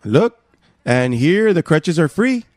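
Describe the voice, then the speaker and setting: A man preaching a sermon, emphatic, swinging from soft asides to raised exhortations. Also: a little high, big pitch swings, takes it slowly, no echo, clean studio sound.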